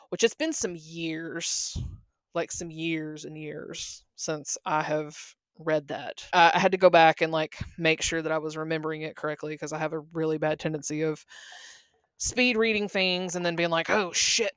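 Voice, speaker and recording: A woman's voice: low voice, smooth, dry recording. A woman co-hosting a podcast, chatting thoughtfully about an album and a book. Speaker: podcast co-host. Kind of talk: casual chat about an album.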